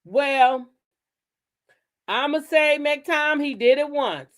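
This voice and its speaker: A woman hosting her own channel, telling stories in a blunt, profane, animated style. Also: high voice, takes it slowly. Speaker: channel host. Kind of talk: casual commentary chat.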